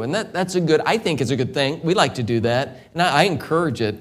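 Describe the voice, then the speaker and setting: A middle-aged male evangelist preaches a sermon, moving from quiet storytelling up to loud, impassioned peaks. His voice is a little high and animated, and he speaks fairly quickly with hardly any pauses.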